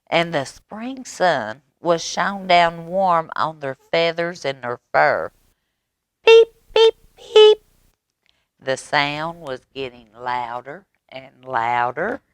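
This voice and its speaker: A woman reading a story aloud to children at storytime, with gentle animated asides. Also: low voice, slow, smooth, dry recording.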